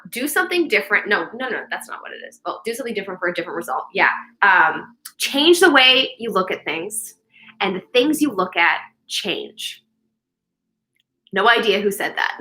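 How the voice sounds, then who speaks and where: A woman's voice: on the high side, pushed and bright, poor audio. A young adult woman hosting a daily live meditation stream, chatting in a casual, upbeat way with many fillers and restarts.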